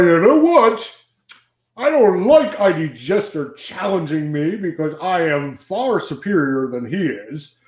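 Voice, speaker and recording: A man voicing a haughty, boastful Englishman in a put-on British accent, slow and pompous. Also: echoey room, heavily acted, poor audio. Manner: slow, pompous, high-pitched delivery.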